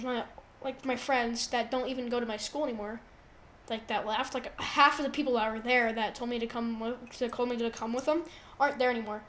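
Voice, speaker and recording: A teenage girl hosting a casual podcast chat at home, rambling with lots of fillers. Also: fairly high pitch. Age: teens. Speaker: podcast host.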